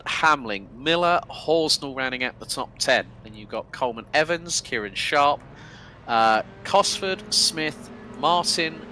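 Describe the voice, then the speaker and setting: Man, sim race commentator, bright forceful tone, quick excitable play-by-play, faint hiss behind. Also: on the high side. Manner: fast, excitable play-by-play with fillers.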